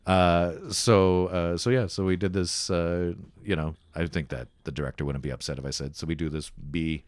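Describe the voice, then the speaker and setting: A Canadian man, a comedian guest, telling lively anecdotes in casual podcast chat and acting out other people's lines. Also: deep voice, moderate pace, no echo.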